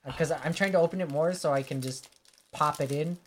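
A man's voice: fairly high pitch, brisk, slight background noise. Casual young man reading party prompts. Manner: laughing, reading game prompts. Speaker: podcast co-host. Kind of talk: casual chat.

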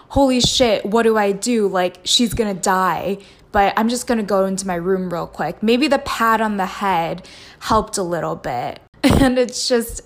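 A woman in her twenties hosting a casual solo podcast, candid and chatty, laughing often and swearing freely. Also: medium pitch. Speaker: podcast host.

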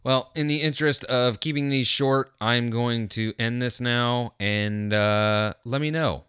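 A man's voice: mid-range voice, a little slow, a bit bright, clear, resonant tone, no room sound. A man hosting a solo podcast, rambling in a jokey, self-mocking way into a close mic. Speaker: podcast host.

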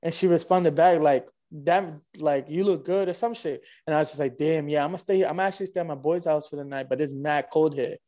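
A man, telling a dating story in a loose, animated, slangy way and acting out both sides of each exchange. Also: a little high, fairly quick, hardly any pauses. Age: 20s. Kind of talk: casual storytelling.

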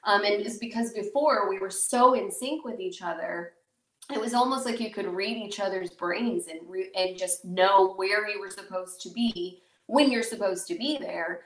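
A woman podcast host from the Chicago suburbs telling a personal story in a casual, animated way, full of fillers and acted-out quotes. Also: mid-range voice, moderate pace, distant mic. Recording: roomy echo, voice a bit off-mic.

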